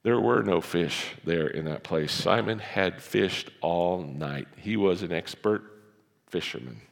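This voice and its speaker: Preaching slowly in a deep, gravelly voice, a pastor fills a church with a big-room sound. He keeps things conversational and animated, voicing the figures from the Bible story.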